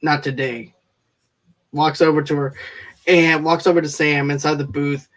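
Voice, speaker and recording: A man's voice: a little high, level tone, normal speed. A man co-hosting a casual film review podcast, recapping plot scenes in a rambling, enthusiastic way with plenty of fillers. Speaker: movie reviewer co-host.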